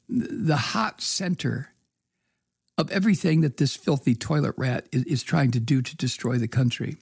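An American political commentator offers casual news commentary in an angry, sarcastic, profane rant full of ums and uhs. His voice is on the high side, a little mellow, with vocal fry and a breathy edge, captured in a dry, studio-quality recording.

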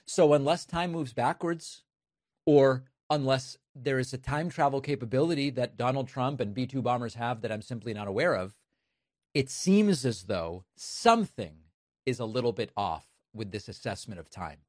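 A man's voice: mid-range voice, lively intonation, normal speed, a little mellow, no echo, clean studio sound. Emphatic sarcastic male commentator. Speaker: political commentator. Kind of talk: opinion commentary.

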